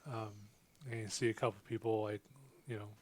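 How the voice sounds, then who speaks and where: A man narrating a tabletop role-playing game as game master, halting with many ums and uhs. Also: fairly low pitch, level tone, a little hiss or hum.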